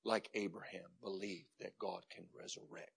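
A man preaching a sermon as pastor, building from quiet reflection to shouted climaxes in a rhythmic, repetitive cadence. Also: low voice, steady tone, normal speed, vocal fry, husky.

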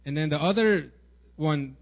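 A man's voice: a little high, unhurried, muffled recording. A young man preaching a sermon in a church, casual and conversational, peppering his points with "like" and "right?". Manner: casual, filler-heavy preaching with many "right?" and "like". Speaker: pastor.

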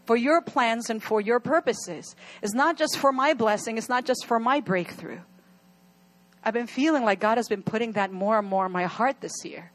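A woman's voice: fairly high pitch, moderate pace, fairly bright tone. A young adult woman preaching an earnest sermon to her church, at times crying as she pleads. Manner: earnest, rising to emotional pleas. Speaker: pastor.

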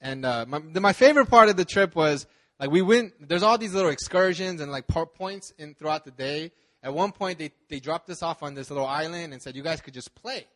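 Higher-voiced pastor telling a casual story. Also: male voice, expressive, brisk. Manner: chatty and self-deprecating, laughing, with many fillers and restarts. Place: church service.

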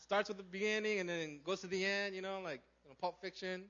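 A man preaching a sermon in a casual, animated way, asking his listeners questions and acting out the characters. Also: high-pitched, a little fast, highs cut off. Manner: animated, conversational, acts out characters, asks the crowd questions. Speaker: pastor.

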